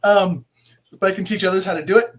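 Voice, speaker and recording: A man with a notably high, light voice hosts a casual live interview, rambling and poking fun at himself. He stops and restarts his sentences often and sounds relaxed and conversational. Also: fast. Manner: rambling, self-deprecating, frequent restarts. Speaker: podcast host.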